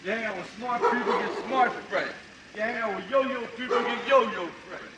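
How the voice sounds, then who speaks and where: An actor playing a streetwise young boxer who lectures in plain street slang. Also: male voice, extremely high pitch, fairly quick, over a noisy crowd, low-quality recording. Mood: lecturing. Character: streetwise young male boxer, gentle big-brother type. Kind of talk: film drama acting.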